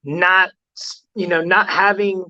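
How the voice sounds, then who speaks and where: A man's voice: high-pitched, fairly even intonation, slow pace, sharp tone, lo-fi sound. A man, a fighter guest on an interview, telling stories in a rambling way, full of "like" fillers. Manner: rambling, heavy use of "like" fillers. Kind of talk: casual storytelling interview.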